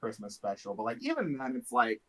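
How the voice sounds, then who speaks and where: A man in casual podcast chat about films, talking in animated, exasperated bursts of emphasis. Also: mid-range voice, fairly quick, low-quality recording. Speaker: podcast co-host discussing films.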